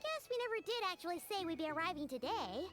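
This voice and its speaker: A tiny childlike game companion with a very high, sing-song voice that bounces all over the place. She sounds bright and chatty as the game's music plays clearly underneath. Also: big pitch swings, fast talker. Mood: curious. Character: small chirpy childlike female companion. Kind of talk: game dialogue. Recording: game audio with soft music.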